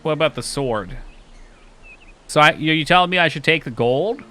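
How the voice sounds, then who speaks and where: Excitable, bright-voiced male streamer. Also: on the high side, normal speed, soft background music. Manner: excitable, joking, swears a lot. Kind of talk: casual live-stream gameplay commentary.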